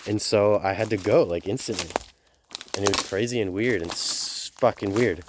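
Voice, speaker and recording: A man's voice: on the low side, normal speed, background noise. Laid-back young man telling a story. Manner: rambling, laid-back, lots of fillers and swearing. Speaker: vlogger. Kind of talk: casual storytelling.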